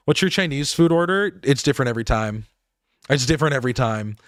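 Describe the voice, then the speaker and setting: A man's voice: mid-range voice, animated, fast talker, fairly bright tone, dry recording, studio quality. A man streaming a game live, rambling and laughing as he talks to his chat.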